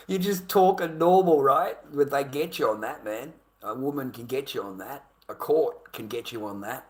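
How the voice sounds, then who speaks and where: A man's voice: medium pitch, unhurried, hardly any pauses, fairly bright tone. An Australian man in his fifties in a rambling, aggrieved monologue to camera, swearing and repeating himself. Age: 50s. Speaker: vlogger.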